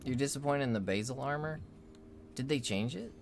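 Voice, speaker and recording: This livestream co-host has a mid-range, creaky voice and a brisk pace. He chats casually about the game, wandering off on playful tangents and putting on mock pronunciations.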